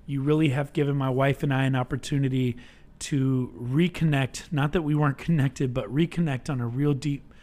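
A man's voice: medium pitch, steady tone, normal speed, dark tone. A young man hosting his own podcast, talking earnestly and emotionally to his listeners, whom he calls y'all. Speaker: podcast host. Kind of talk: motivational podcast monologue. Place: on vacation on a tropical island.

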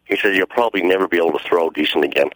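A man's voice: sits low, racing, fairly bright tone, no room sound, low-quality recording. A middle-aged man calling in to a radio show, telling his story in a matter-of-fact, rambling way. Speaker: caller. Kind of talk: phone-in story.

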